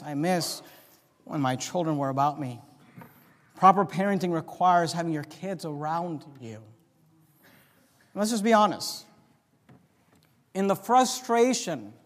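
High-voiced preacher in a reverberant hall. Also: male voice. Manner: swings from low confiding talk to loud rising exhortation. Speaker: pastor. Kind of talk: sermon. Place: church sanctuary. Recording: long reverb of a church hall.

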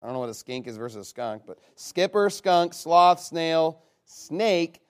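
A man with a slightly raised pitch runs a casual guessing game with a live audience. He rattles through a long list and keeps cutting in with quick, jokey comments. His tone stays loose and conversational. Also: lively intonation, smooth. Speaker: game leader reading out his list to players.

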